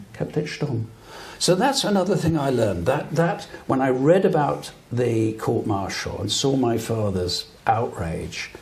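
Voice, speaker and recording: An older British man with a mid-range, somewhat dark voice tells stories earnestly and emphatically, appearing as a guest broadcaster in a live public interview. He's at a talk venue with an audience, and the recording carries a slight hiss or hum.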